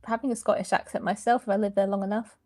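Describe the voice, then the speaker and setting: A woman's voice: medium pitch, fairly even intonation, racing, warm tone, dry recording, clean studio sound. A woman from Kent joining a stream's voice chat, chatty, giggly and a little hesitant. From Kent, southeast England. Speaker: viewer in voice chat. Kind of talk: casual chat.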